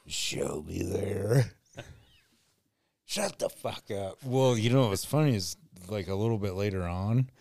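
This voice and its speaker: Deep, slow-talking laid-back man. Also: darkish tone, no echo, studio quality. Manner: laid-back, laughs often, swears casually. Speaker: podcast co-host. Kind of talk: casual chat.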